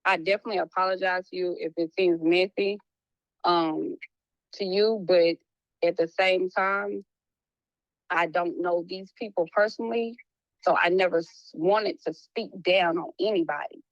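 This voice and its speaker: A woman speaking as a private investigator in a casual, apologetic conversation, talking in quick bursts with many restarts. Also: lowish voice, no room sound, muffled recording. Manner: animated, restarts often, slips into a playful hood voice when quoting.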